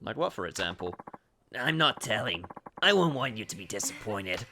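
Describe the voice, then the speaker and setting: A man's voice: fairly low pitch, very animated, moderate pace, vocal fry, bright, forceful tone, faint music behind, heavily acted. A man doing a coy young hostess with a mock accent. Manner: put-on mock Chinese accent.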